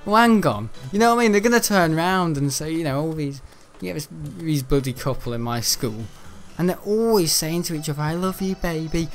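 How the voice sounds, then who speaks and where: A man's voice: on the high side, animated, fairly quick, hardly any pauses, soft background music. A man chatting casually while streaming a game, rambling and joking and laughing often. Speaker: gaming streamer. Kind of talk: casual livestream chat while gaming.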